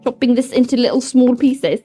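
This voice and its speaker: A woman's voice: fairly high pitch, brisk, mellow, breathy edge, soft background music. A young woman from Sweden with a light Swedish accent, chatting casually and rambling as she cooks on stream. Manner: chatty, rambling, playful asides. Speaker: streamer cooking host. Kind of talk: casual cooking chat.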